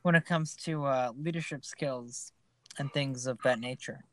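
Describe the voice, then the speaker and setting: A man co-hosting a casual podcast, animated and quick to laugh, firing off rhetorical questions. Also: mid-range voice, background noise. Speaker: podcast co-host.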